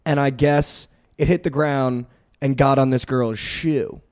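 A young man co-hosting a podcast, telling a story in casual chat, animated and full of "like" and "dude". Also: medium pitch, measured pace, smooth. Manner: animated, heavy use of "like" and "dude", acts out quotes. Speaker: podcast co-host.

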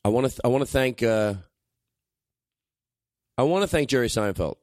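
A man hosting a comedic podcast, rambling excitably and breaking into shouts and laughs on a lav mic. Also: mid-range voice, moderate pace, no room sound, clean studio sound. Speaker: podcast host. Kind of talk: loose comedic chat.

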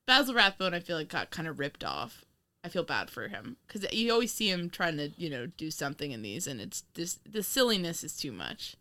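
Lively, bright-voiced woman chatting. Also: fairly low pitch, fairly quick. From New York, US. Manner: chatty, laughs often, swears casually. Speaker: podcast co-host. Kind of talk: casual chat.

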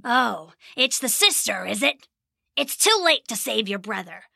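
A woman's voice: fairly high pitch, sing-song, measured pace, vocal fry, pushed and bright, dry recording, studio quality, heavily acted. A woman voicing a big, sly male goblin that taunts and wheedles in a storybook reading. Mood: taunting.

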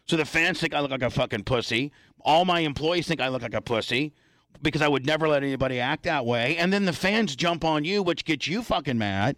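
A man's voice: on the high side, brisk, a bit bright, no echo. A man hosting a podcast, talking bluntly and cursing often as he scolds his co-host. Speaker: radio show host. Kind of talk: heated casual podcast talk.

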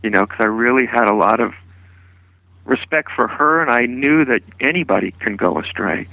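A man who is a spiritual teacher, telling his story in an unhurried, meandering way with frequent restarts. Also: medium pitch, expressive, creaky, pushed and bright, no room sound, lo-fi sound. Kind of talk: reflective storytelling interview.

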